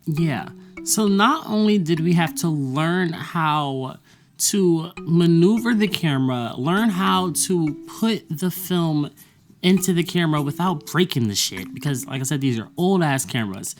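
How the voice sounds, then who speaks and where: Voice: mid-range voice, expressive, unhurried. Sassy, profane vlogger with faint music. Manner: blunt, profane and sassy, laughing often. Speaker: vlogger recapping a college semester. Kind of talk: casual monologue.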